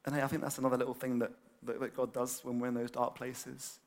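A man preaching a sermon, animated and conversational, with many fillers and repeated words. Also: medium pitch, fast. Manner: animated, acts out excited quotes.

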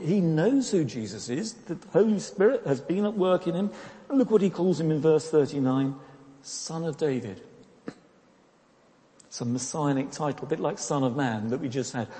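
A man's voice: on the high side, mellow. A man preaching a sermon in a conversational way, often asking rhetorical questions and repeating words as he goes. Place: church. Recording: long reverb of a church hall.

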